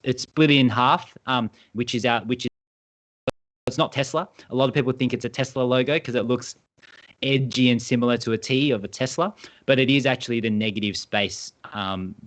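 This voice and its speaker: A man's voice: mid-range voice, steady tone, normal speed, a bit bright. A man with an Australian accent, a badminton brand co-founder, explaining at length in a casual interview over a video call. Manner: enthusiastic, rambling explanations.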